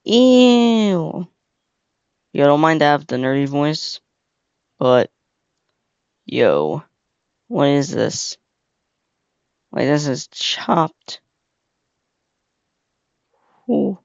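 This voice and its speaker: A young man talks slowly and rambles through a casual reaction video, full of slang and fillers. His voice is gravelly yet smooth. The recording sounds dull and dry. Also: a little high, sing-song, no echo.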